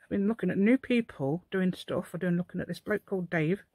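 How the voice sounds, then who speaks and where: A woman's voice: on the low side, brisk, a little mellow, no room sound. Woman, middle-aged, rambling craft-channel host, mock-posh telephone voice, dry sound. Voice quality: playful put-on posh telephone voice. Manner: rambling, chatty, talks to herself while working. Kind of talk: casual crafting demonstration.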